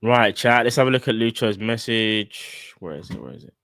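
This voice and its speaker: A man's voice: fairly low pitch, moderate pace, fairly bright tone, dry recording, studio quality. A man hosting a live fan stream, talking casually and in slang straight to his chat. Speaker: fan channel host.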